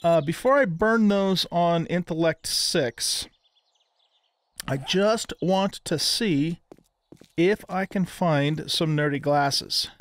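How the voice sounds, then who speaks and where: An older man hosts his own gaming series, talking through his play in a loose, chatty way. His voice sits a little high for a man. He often pauses on "um" and restarts his sentences as he explains what he is doing. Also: no room sound. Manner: chatty, frequent ums and restarts. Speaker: gaming YouTuber. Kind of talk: casual gameplay commentary.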